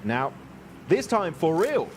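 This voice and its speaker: An English man casting a live esports match, chatty and quick to laugh. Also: fairly high pitch, very animated, a little hiss or hum. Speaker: esports caster.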